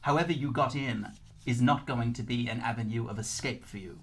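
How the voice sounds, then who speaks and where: A man's voice: mid-range voice, fairly quick, slightly rough, lightly acted. Guy doing a sarcastic sorceress lady, cool threats, mid voice. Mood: menacing. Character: sarcastic scheming female sorceress.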